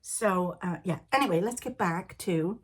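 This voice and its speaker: An older woman with a Liverpool accent softened by Canada hosts a knitting show, chatting and rambling with frequent laughs. Her voice sits on the lower side and still carries traces of a recent cold. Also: a little hiss or hum. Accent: Liverpool with Canadian influence. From Liverpool, England. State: recovering from a cold. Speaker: knitting podcast host. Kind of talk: casual chat.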